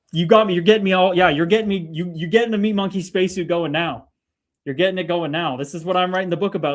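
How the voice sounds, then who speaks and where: A man in his thirties hosting a casual livestream, swearing freely and mixing hype with preachy spiritual talk while reading out comments. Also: a little high. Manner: profane, hyped-up, preachy spiritual lingo. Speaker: livestream host. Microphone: streaming mic.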